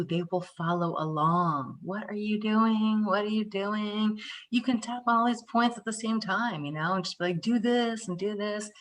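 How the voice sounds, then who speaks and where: This low-pitched woman from the Northeastern United States runs a live tapping class online. She is animated and conversational, dramatizing little moments while she explains.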